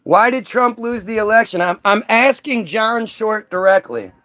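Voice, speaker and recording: A man's voice: high-pitched, expressive, normal speed, pushed and bright. A man hosting a livestream, mocking and confronting his commenters in a profane, combative rant. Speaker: livestream host. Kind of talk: ranting at commenters.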